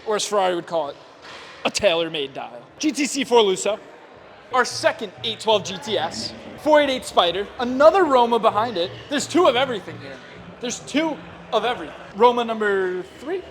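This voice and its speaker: A young man with a high, light voice gives quick, playful commentary as he walks among exotic cars, joking and hyping each one. He's recorded on a handheld camera outdoors, with faint street noise behind him. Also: sing-song, a bit bright. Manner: playful, rattles off car models, hypes and jokes. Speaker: car-spotting vlogger. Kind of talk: excited car-spotting commentary. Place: outdoors at a car meet and inside a dealership.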